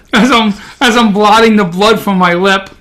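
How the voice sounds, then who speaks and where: A man with a high-pitched voice and a Brooklyn accent chats casually on a podcast. He tells stories with a self-deprecating, joking edge. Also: bright, forceful tone. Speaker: podcast co-host.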